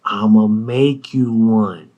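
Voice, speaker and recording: A man imitating a laid-back male friend who drawls slowly and quietly in a low, hushed way. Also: fairly even intonation, muffled recording. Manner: drawling, hushed, matter-of-fact.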